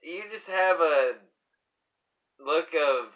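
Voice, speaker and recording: A man co-hosting a podcast, chatting casually over beers, rambling and halting, often laughing. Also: fairly high pitch, lo-fi sound. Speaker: podcast co-host.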